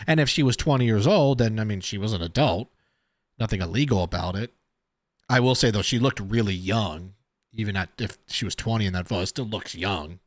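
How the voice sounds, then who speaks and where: A man's voice: fairly low pitch, brisk, dry recording, studio quality. A man giving casual reaction commentary on a video, chatty and thinking aloud as he talks. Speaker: reaction streamer.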